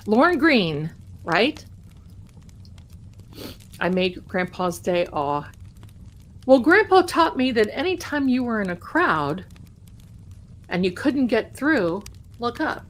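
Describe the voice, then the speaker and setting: A woman hosting a live stream speaks in a fairly high voice at an unhurried, leisurely pace. She talks in a folksy, chatty way, addressing her viewers as darlings and telling a story about her childhood. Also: very animated, slight background noise. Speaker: live stream trivia host. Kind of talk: casual chat, storytelling to viewers.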